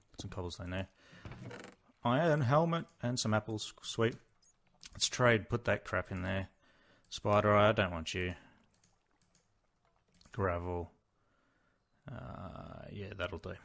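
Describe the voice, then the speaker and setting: An excitable young man talks through his gameplay in a loose, casual way. His voice sits a little low, and he swings between quiet muttering and sudden shouts of surprise. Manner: excitable, exclaims and mutters to himself while playing. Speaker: Let's Play host.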